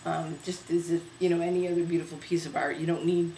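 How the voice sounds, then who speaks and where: Woman host, low voice, chatty and halting, home video in an echoey room with faint hiss. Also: level tone, mellow. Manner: chatty, hesitant, many fillers. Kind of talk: casual home video show.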